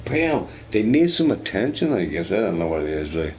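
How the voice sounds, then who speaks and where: A man's voice: low-pitched, big pitch swings, brisk, darkish tone, a little hiss or hum. A man streaming a game, chatting casually with viewers in a rambling, profane, joking way.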